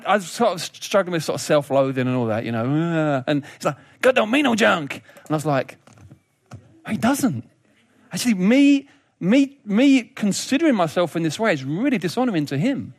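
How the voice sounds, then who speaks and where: A man delivers a sermon in a high, bright-sounding voice, joking and laughing as he goes. He often restarts and repeats his words, and the recording is close and dry, with no room sound. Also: very animated, normal speed, no room sound. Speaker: preacher.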